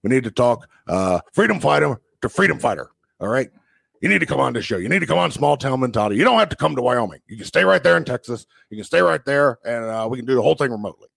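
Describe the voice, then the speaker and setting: A man doing an impression of a fiery conspiracy radio host, earnest at first and then ranting at a shout. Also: mid-range voice, sing-song, quick pace, gravelly, no echo, exaggerated voice.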